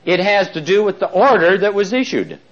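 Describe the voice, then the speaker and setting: A man teaching a Bible study class, talking in a chatty, animated way with asides and chuckles, slowing down to read verses aloud. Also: high-pitched. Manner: slows right down when reading verses aloud. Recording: dull lo-fi recording.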